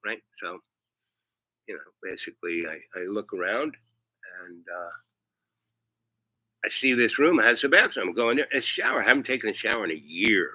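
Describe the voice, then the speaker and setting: A man's voice: fairly low pitch, expressive, moderate pace, long pauses, sharp tone, dry recording, low-quality recording. A man telling a rambling comic anecdote, often tagging his lines with "right?". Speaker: storyteller.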